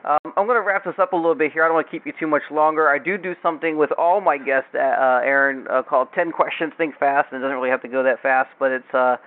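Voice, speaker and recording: A man's voice: on the high side, fast, few pauses. Chatty male podcast host, tinny line. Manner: chatty, many fillers and restarts. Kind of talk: casual interview chat. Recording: tinny phone-line sound.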